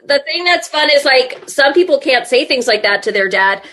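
A woman's voice: high voice, lively intonation, normal speed, pushed and bright, slight background noise. A woman hosting a casual chat, telling rambling stories through bursts of laughter. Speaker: podcast host. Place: home room, remote call.

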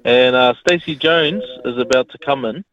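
A man's voice: medium pitch, normal speed, a bit bright. A man with a New Zealand accent ringing talkback radio, frustrated and saying "mate" a lot. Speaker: caller. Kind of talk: phoned-in talkback rant. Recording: dull lo-fi phone audio.

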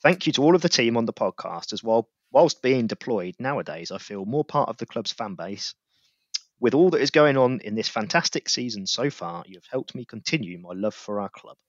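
A man's voice: mid-range voice, animated, fairly quick, no echo. A man co-hosting a podcast, reading listener emails with cheery, playful asides. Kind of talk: casual chat and reading aloud. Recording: dry, slightly dull podcast mic.

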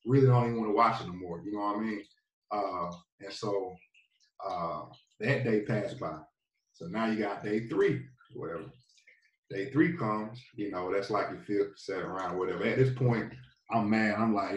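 A man's voice: lowish voice, normal speed, muffled recording. A man from North Carolina, a pro football player, telling his story as a guest in a laid-back, rambling way full of fillers. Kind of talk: casual storytelling. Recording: roomy, distant from the mic.

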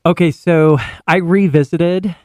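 A man co-hosting a podcast, chatting casually about films and TV, animated, with many fillers and restarts. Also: a little high, unhurried, no room sound, studio quality. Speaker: podcast co-host. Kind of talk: casual chat.

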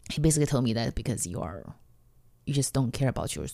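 Woman, from China, Mandarin native speaker, blunt halting storytelling, gravelly, dry close sound. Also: rumbling low, lively intonation, warm tone, no room sound. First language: Mandarin Chinese. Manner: blunt, halting, acts out quoted voices. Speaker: guest comedian. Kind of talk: candid personal storytelling.

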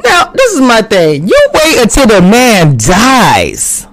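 A woman giving a casual recap of a TV drama, animated and quick to act out the characters' lines. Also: on the high side, no room sound. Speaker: TV recap reviewer. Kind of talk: casual chat. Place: home, recording a live stream.

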